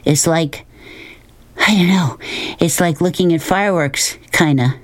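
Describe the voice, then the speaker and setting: A man voicing a fierce, bold young girl in a storybook reading, slow and insistent. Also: on the high side, fairly bright tone, voice pushed up. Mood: wistful.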